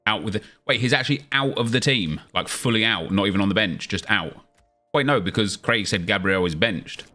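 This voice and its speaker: A man's voice: fairly low pitch, brisk, bright, forceful tone. A young man chatting casually on a live stream, answering viewer questions as he plays a football game.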